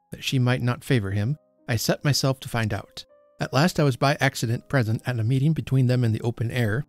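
A man hosting a podcast reads a classic story aloud in the first person, with expressive, deliberate storytelling. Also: medium pitch, no echo. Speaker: podcast host reading a story.

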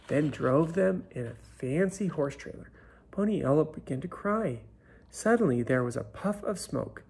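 Slow, gravelly-voiced man reading a storybook. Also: fairly high pitch, darkish tone, slight background noise. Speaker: storybook reader. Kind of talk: children's story read aloud.

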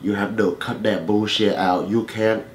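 A man playing a doting, sweet-talking immigrant father who speaks slow broken English. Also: fairly low pitch, fairly even intonation, slight background noise, lightly acted.

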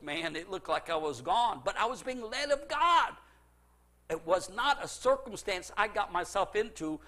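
A middle-aged male pastor preaching a sermon emphatically, repeating phrases and swinging from loud to hushed. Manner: emphatic preaching with sweeping pitch swings, repetition. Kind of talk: evangelical sermon.

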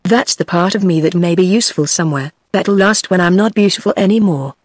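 Brief: wistful young Southern belle, read by a computer-voiced British woman, flat delivery, dry sound. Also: fairly low pitch, brisk, dry recording. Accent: British English. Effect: text-to-speech voice.

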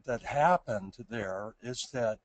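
A man's voice: medium pitch, slow, no echo. A man presenting on creativity, answering audience questions in a hesitant, thoughtful way with many restarts. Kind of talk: thoughtful Q&A talk.

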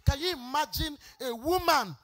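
A woman's voice: sits high, moderate pace, a bit bright. A middle-aged Nigerian woman preaches at a church service. Her sermon rises and falls in a sing-song cadence. She turns emphatic and scolding as she drives each point home. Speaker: pastor.

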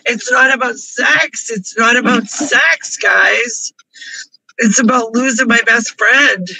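A man's voice: very high voice, bright, forceful tone, slightly rough, no echo, low-quality recording. A man crying through an emotional confessional vlog, pleading and repeating himself over and over from his parked car. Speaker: vlogger.

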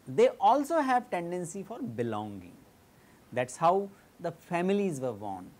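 A woman with a low voice and an Indian English accent delivers an academic lecture. She explains ideas step by step in a measured way. She often pauses on fillers and restarts her sentences. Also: big pitch swings, a little mellow.

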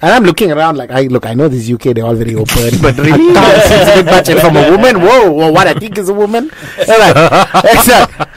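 A man co-hosting a casual chat, laughing often and telling animated stories. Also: a little high, fast talker, few pauses, a loud crowd. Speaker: co-host. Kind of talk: casual studio chat with jokey accents.

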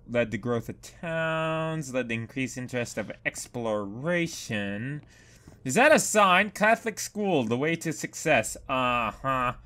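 A man with a high, bright voice that swoops all over its range, playing through a horror game. He talks in an unhurried way, bursting into startled yelps and curses, then drops to low muttering. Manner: jumpy, loud exclamations and cursing; swings between shouting and muttering. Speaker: gaming YouTuber. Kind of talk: horror game let's play commentary.

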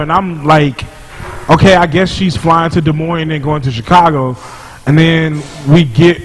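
A man chatting as a podcast guest, telling stories in an animated way and laughing often. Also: on the high side, a little hiss or hum, rough recording. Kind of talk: casual chat.

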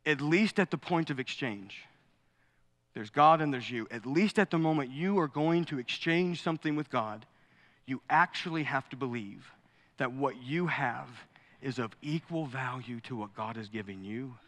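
A man preaching a sermon as pastor, animated and joking, acting out quotes and asides. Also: mid-range voice, moderate pace. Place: large church sanctuary. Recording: long hall reverb.

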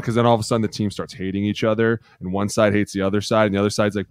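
A man's voice: fairly low pitch, racing, clean tone, dry recording. Male podcast co-host, cursing storyteller who acts out the voices, dry close mic. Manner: profane, animated storyteller acting out quotes. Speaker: podcast co-host, former lineman. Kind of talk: casual podcast chat.

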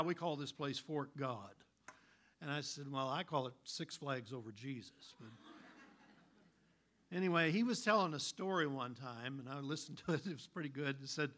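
A man preaching a sermon, telling stories in an animated, folksy way. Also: fairly high pitch. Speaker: pastor.

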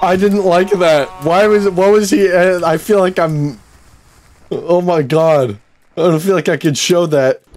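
A young man doing casual gameplay commentary, excitable and swearing, often breaking into laughter. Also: high voice, unhurried, faint music behind. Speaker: gaming YouTuber.

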